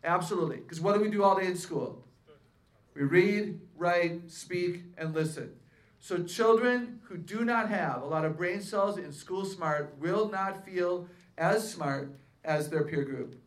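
Lively woman seminar speaker. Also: on the low side, a little slow. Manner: lively, quizzes the audience with questions; playful self-mocking humor. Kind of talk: live faith-based seminar talk to an audience.

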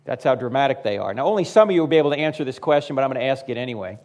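This public speaker, a man in his fifties, has a medium-pitched voice and races along, with the high frequencies cut off in the recording. Delivering a funny talk before a live crowd, he addresses listeners directly and brings his stories to life by acting out quoted voices.

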